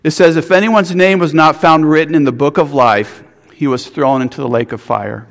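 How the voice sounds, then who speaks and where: A man's voice: fairly high pitch, fairly even intonation, moderate pace, in a large hall. A man preaching a sermon, earnest, with restarts and rhetorical questions. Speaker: pastor.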